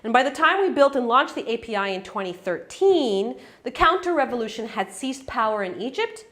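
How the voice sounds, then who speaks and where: A woman's voice: on the high side, sing-song, a little fast, fairly bright tone. A woman speaking at an academic event, addressing a lecture room audience. Her delivery is conversational and unscripted, with frequent ums and self-corrections. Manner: conversational, many fillers and restarts. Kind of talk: conference talk.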